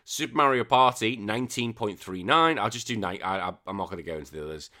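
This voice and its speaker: Bright-voiced, excitable, swearing podcast host. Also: male voice, on the low side, fast. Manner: excitable, swears freely, trails off quietly. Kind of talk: casual gaming news chat.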